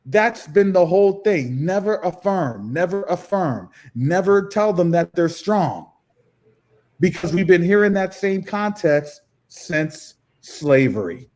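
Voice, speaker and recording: Fervent, higher-voiced man preaching. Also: expressive, slow pace, a little mellow. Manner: emphatic, preaching, repeats phrases. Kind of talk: religious commentary.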